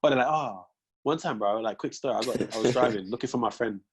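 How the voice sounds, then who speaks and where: A young man talks quickly in a husky voice, hosting a relaxed chat. He tells animated stories and acts out both sides of each exchange in turn. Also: medium pitch. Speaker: podcast host. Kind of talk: casual chat.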